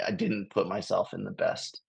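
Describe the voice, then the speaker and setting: A man's voice: low voice, huge pitch swings, moderate pace, gravelly, slightly rough. An American man from Los Angeles, a touring comedian, telling a rambling story on a video call, chuckling often. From Los Angeles, USA. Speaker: guest, touring improv comedian. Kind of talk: casual storytelling.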